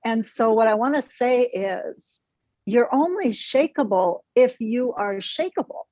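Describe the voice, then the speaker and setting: Frank energetic woman therapist, dry muffled audio. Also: on the high side, measured pace, dry recording. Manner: frank and energetic, mild swearing. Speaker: therapist guest. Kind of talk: podcast interview.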